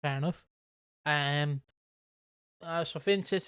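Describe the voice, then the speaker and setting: A man co-hosts a wrestling podcast in a rambling, casual way, swearing as he goes. His voice is smooth and resonant. It sits close in a dry, dead space. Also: fairly high pitch, steady tone, measured pace, a bit bright, no echo. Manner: rambling, profane, frequent voice impressions. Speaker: podcast co-host. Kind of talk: casual chat.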